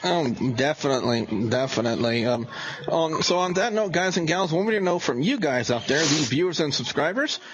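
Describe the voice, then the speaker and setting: A man's voice: on the high side, animated, fairly quick, background noise. A man hosting a casual wrestling review chat, rambling and often restarting his sentences. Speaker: show host.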